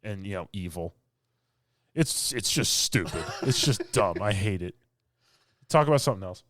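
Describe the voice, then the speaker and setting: A man's voice: on the low side, animated, normal speed, a bit bright. A man co-hosting a podcast, ranting in casual chat with mocking mimicry and blunt complaints. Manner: ranting, exasperated, mocking quotes. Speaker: podcast co-host.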